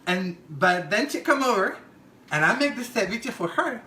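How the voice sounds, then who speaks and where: A man's voice: high-pitched, sing-song, normal speed, bright, forceful tone, reverberant, slight background noise, full character voice. A man playing a brassy cooking lady. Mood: chatty. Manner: gossipy, chatty, crude asides, giggly. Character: brassy middle-aged Mexican-American woman home cook. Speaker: cooking show host. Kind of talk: comedic cooking demonstration. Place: home kitchen.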